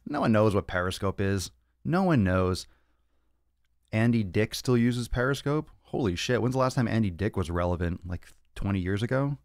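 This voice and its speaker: A man's voice: fairly low pitch, expressive, moderate pace, dry recording, clean studio sound. Brash, profane man hosting a livestream. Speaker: fitness podcast host. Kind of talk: casual livestream Q&A. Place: home studio with monitors and cameras.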